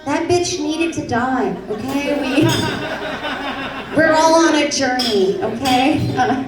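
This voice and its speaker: A high-pitched woman doing a stand-up set on a club stage, brash and self-mocking. She takes her time between punchlines. Her voice sounds roomy and a bit distant, and a loud crowd laughs behind her. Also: slow. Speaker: stand-up comedian. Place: comedy club stage before an audience. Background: audience laughter.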